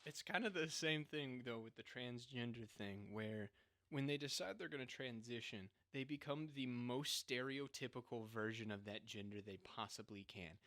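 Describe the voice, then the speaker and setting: A young man talks in a bright, forceful voice. He co-hosts a casual podcast and speaks in a mocking way, laughing often. The sound is dry and close. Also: medium pitch, moderate pace, no echo. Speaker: podcast co-host. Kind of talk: casual chat.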